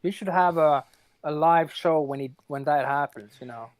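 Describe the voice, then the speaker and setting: A man with a slightly higher voice puts dry, teasing jokes into a casual live chat. His voice sounds close and dry, with no room echo. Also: normal speed.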